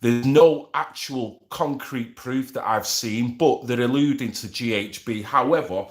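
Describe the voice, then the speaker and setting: A man's voice: mid-range voice, measured pace. A man who hosts a live stream, chatting casually and rambling with slang asides as he reads from an article. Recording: echoey room.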